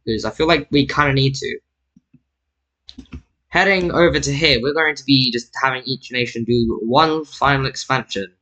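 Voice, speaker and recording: A man's voice: mid-range voice, moderate pace, bright, forceful tone, poor audio. A man casually narrating a map-drawing video, rambling and correcting himself with jokey asides. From Britain. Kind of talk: casual narration over screen recording.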